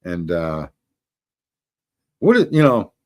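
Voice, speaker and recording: A man's voice: low-pitched, wildly swooping pitch, slow. A man hosting a show, ranting casually and rambling to viewers, swearing often and laughing at his own jokes. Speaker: show host.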